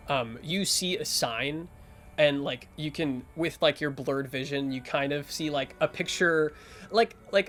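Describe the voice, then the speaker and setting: A man narrating as game master of a tabletop game, improvising with lots of fillers and restarts. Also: fairly high pitch.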